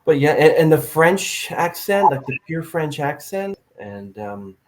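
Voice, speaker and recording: A man hosting a podcast in casual chat, telling stories with lively, acted-out quotes. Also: a little high, measured pace, rough recording. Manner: animated storyteller, acts out quotes. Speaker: podcast host.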